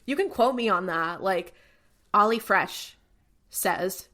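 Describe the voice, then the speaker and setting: A woman's voice: medium pitch, expressive, takes it slowly, bright, forceful tone. A woman co-hosting a casual podcast, adding dry, wry asides. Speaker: podcast co-host. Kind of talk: casual chat.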